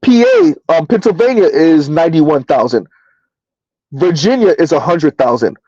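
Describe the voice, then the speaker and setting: A man hosting a casual livestream, reading numbers aloud and answering his chat in a relaxed, chatty way. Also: fairly high pitch, moderate pace, breathy edge, no echo, lo-fi sound. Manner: casual, chatty, addresses listeners as y'all. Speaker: livestream host.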